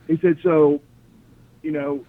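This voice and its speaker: A man's voice: a little high, slow pace. A man, a former wrestler, telling long stories in a casual interview, acting out quotes and laughing often. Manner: animated storyteller, acts out quotes, laughs often. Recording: phone-line audio with faint noise.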